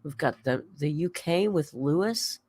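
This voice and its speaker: A woman's voice: low voice, lively intonation, measured pace, a little mellow, low-quality recording. A woman hosting a casual live stream, chatting to viewers and cooing at her cat. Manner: chatty, coos baby talk to her cat.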